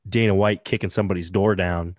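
A man's voice: low-pitched, fairly even intonation, quick pace, dry recording, clean studio sound. A man co-hosting a casual podcast chat, rambling with lots of fillers. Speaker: podcast co-host.

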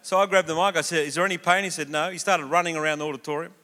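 A man's voice: a little high, very fast. A man preaching a sermon, telling a story and acting out the voices in it. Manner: animated, acts out quoted voices. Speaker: pastor. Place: church auditorium. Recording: long reverb of a church hall.

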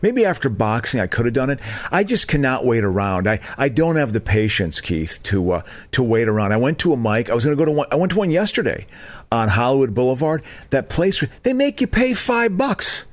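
A middle-aged man co-hosting a podcast, rambling in casual chat and jumping into high mock outrage. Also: sing-song, a little fast. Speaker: podcast co-host.

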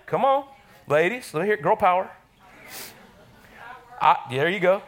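A middle-aged man preaches in a church with a voice that sits high for a man. His tone is bright and ringing, and he keeps the energy up, calling out to the congregation as he goes. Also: animated, a little slow, long pauses. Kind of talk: sermon. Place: church sanctuary.

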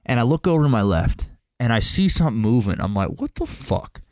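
A man co-hosting a podcast, telling a long story in casual chat, swearing freely and jumping up in pitch when excited. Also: fast, dry recording, clean studio sound. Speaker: podcast co-host.

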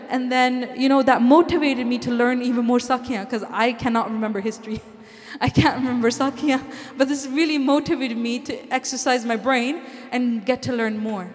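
Earnest high-voiced woman in a hall. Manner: earnest and heartfelt, slips Punjabi phrases into English. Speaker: speaker at a Sikh community event. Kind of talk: inspirational talk to a congregation. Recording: long hall reverb.

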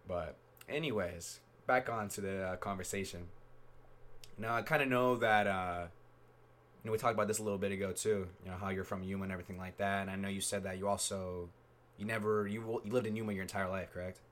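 A man's voice: low-pitched, steady tone, brisk, a bit bright. Laid-back slangy young man host. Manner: laid-back storytelling, slangy, laughs often. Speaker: podcast host. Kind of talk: casual chat.

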